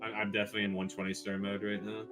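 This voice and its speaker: Flat, low-voiced man, laid-back interview. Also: rapid-fire, music in the background. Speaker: speedrunner interviewed in a documentary. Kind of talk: casual interview.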